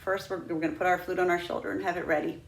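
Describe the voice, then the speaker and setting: A woman's voice: on the low side, little pitch movement, rapid-fire, creaky, echoey room. A woman teaching a flute lesson, patient and demonstrative, walking students through each step. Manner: patient, demonstrative, breaks into sung "ha ha" drills. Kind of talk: instructional lesson.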